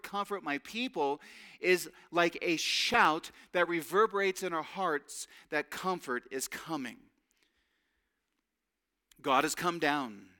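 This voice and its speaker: A man's voice: a little high, pushed and bright. A man preaching a sermon, earnest and emphatic, drawing out key phrases.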